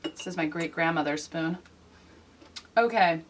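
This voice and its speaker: A woman hosting a casual comedic vlog, delivering wry, deadpan asides. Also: sits low, a little slow, distant mic, slight background noise. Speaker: vlog host.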